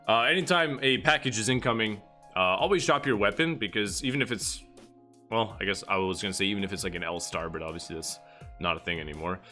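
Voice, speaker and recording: A man with a lowish but bright, slightly tense voice talks through a match replay on stream. His delivery is loose, rambling and full of casual swearing. Soft music plays behind him. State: getting out of breath. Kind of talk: live stream commentary.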